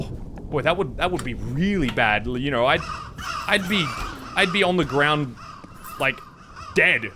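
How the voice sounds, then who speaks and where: A man's voice: high voice, pushed and bright. A man giving goofy, dramatic, self-mocking commentary while playing a video game. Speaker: gaming video creator. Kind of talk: let's-play commentary.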